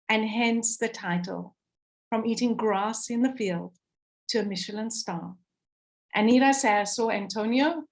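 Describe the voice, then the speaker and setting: A woman's voice: medium pitch, a little mellow. A South African woman speaking on a video call, telling a heartfelt story with passion and acting out what people said. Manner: impassioned, voice swings up and down, acts out quotes. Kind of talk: emotional storytelling to a call audience.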